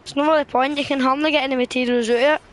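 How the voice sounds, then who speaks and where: A woman chatting casually with friends while playing a game, teasing them and bursting into excited shouts. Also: sits high, rapid-fire. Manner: playful trash talk, bursts of excited shouting. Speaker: gamer streaming with friends. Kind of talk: casual gameplay chat. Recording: noisy background.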